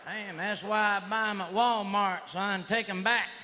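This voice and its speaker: A man doing a stand-up comedy routine, with a loud, rowdy redneck delivery full of catchphrases. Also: high voice, steady tone, normal speed. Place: comedy stage before a live audience. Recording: live show with loud audience laughter and noise.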